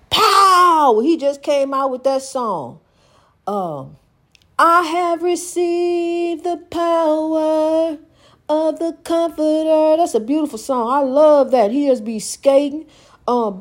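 A high-pitched older woman delivers a spiritual pep talk straight to her viewers. She preaches and exhorts, circling back over the same phrases and calling the listener honey. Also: dark tone. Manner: rambling, repeats phrases. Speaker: vlogger.

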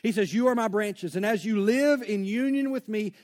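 A man preaches to his congregation in a high, light voice. He keeps it conversational, then slows down and drags out the words he wants to land. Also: a little mellow. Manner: conversational preaching, slows down to stress key phrases. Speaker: pastor. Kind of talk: sermon. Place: church before a congregation.

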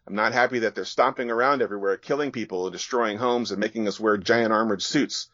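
A man voicing a bold, restless young woman who pilots a robot, with a quick, teasing delivery. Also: lowish voice, a bit bright, dry recording, close to an everyday voice. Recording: dull, dry sound.

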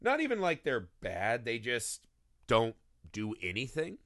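A man co-hosting a casual movie podcast, talking in an animated, profane way and acting out scenes in goofy voices. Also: medium pitch, measured pace, no echo, clean studio sound. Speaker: podcast co-host. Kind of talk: casual movie-review chat.

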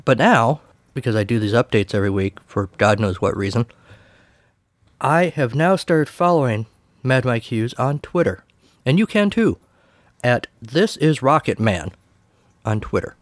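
A man hosts a podcast alone in a relaxed, chatty way. He drops wry, sarcastic asides. His voice sits at a middle pitch and sounds dry and close. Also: measured pace, pauses often, no room sound. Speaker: podcast host. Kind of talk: casual solo commentary.

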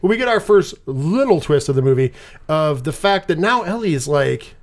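A podcast co-host, a man, recaps a movie plot in casual chat. His voice sits high and swoops all over the place. He tells it with animated energy and drops swear words freely. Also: normal speed.

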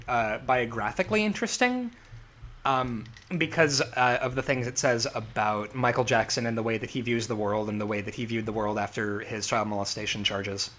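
A man's voice: mid-range voice, normal speed, fairly bright tone. A man co-hosting a podcast in casual comic chat, rambling and laughing often. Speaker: podcast co-host.

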